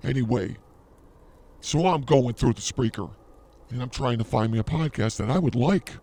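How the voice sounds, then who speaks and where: A male podcast co-host bragging and ribbing his partner in playful banter. His voice has a gravelly, fry-heavy texture at a middle pitch. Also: moderate pace, warm tone. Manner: boastful, mock-arrogant teasing. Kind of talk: comedic banter.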